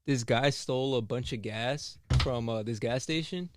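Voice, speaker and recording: A man's voice: mid-range voice, moderate pace, noisy background. A young man in casual chat, telling an anecdote in a laid-back, slangy way.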